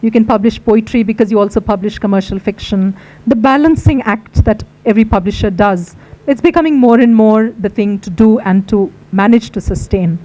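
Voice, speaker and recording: A woman's voice: medium pitch, brisk, warm tone, low-quality recording. A middle-aged woman with an Indian English accent, a book editor giving a conversational, reflective public lecture with anecdotes.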